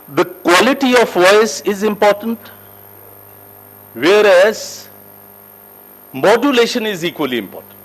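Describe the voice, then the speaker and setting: A man teaching a corporate soft skills class, emphatic and lively, who asks the group questions and answers them himself. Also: low-quality recording. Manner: emphatic, lively teacher with wide shifts in pitch and loudness. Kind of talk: classroom lecture. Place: training room with a group.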